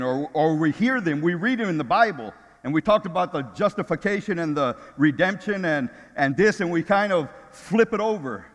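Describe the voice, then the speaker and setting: A man's voice: a little high, in a large hall. An older man preaching a sermon in a casual, conversational way, often repeating words as he finds his phrasing. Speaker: pastor.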